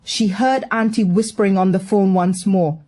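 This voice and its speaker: A woman's voice: medium pitch, steady tone, normal speed, mellow. A woman telling a scripted story in a wry, gossipy manner.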